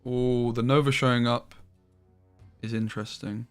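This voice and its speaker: A man giving casual gameplay commentary on a stream, swearing freely and quick to get frustrated. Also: medium pitch, little pitch movement, clear, resonant tone, soft background music.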